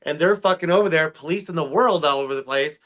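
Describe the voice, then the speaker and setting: A man co-hosting a casual podcast, ranting fast and heatedly with lots of swearing. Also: fairly high pitch, a bit bright. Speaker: podcast co-host. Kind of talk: casual political podcast chat.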